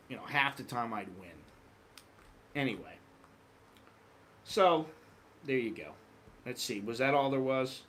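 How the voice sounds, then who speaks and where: A middle-aged American man telling travel stories in a casual vlog monologue, acting out quoted voices. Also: mid-range voice. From United States. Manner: animated, acts out quoted voices. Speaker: vlogger.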